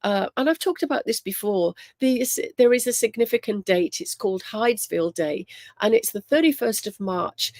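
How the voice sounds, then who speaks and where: A woman's voice: mid-range voice, animated, normal speed, a little mellow, no room sound, studio quality. A woman hosting a casual livestream on spiritual topics, telling stories with lots of ums and greeting viewers by name.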